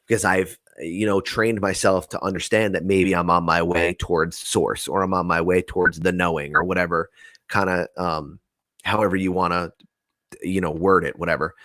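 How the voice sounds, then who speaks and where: A young man from New Jersey with a deep, low voice tells a rambling story in casual chat. He acts out the other people's lines, swears freely and keeps the pace lively. The sound is close and dry, with no room around it. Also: moderate pace, dry recording.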